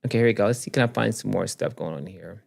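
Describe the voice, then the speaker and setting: A man's voice: on the low side, quick pace, creaky. A man hosting a casual commentary show, reacting to news clips and talking straight to his viewers, often repeating himself. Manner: animated, repeats himself, talks to viewers directly.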